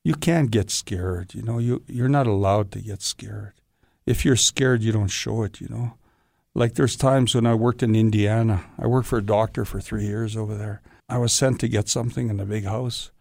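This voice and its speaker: A stunt performer in an interview, telling long rambling stories in a casual way and often saying "you know". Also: male voice, fairly low pitch, fairly even intonation, moderate pace, gravelly, a little mellow, no echo, clean studio sound.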